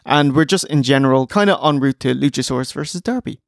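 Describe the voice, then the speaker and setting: A man's voice: mid-range voice, quick pace, creaky, no room sound, clean studio sound. A young Irish man co-hosting a casual wrestling podcast late at night, joking and enthusiastic, tired from the early hour. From Ireland. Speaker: podcast co-host.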